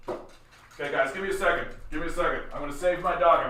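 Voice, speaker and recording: A man's voice: on the high side, fast talker, bright, forceful tone, a little hiss or hum. A man hosting a political livestream. He talks in a heated, profane way, repeats himself and stumbles over restarts. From Canada. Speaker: livestream host.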